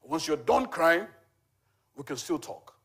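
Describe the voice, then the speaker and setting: His voice a little high, fairly bright, and slightly rough, this man in his forties speaks slowly and expressively. He is a charity volunteer giving a conversational church testimony, his story full of "you know" and similar fillers.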